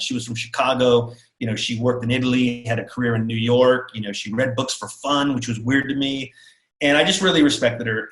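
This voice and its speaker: A man from Texas giving a storytelling talk as keynote speaker, animated and acting out the people he quotes. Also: medium pitch, echoey room, low-quality recording. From Texas, USA. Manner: animated, acts out quotes of others.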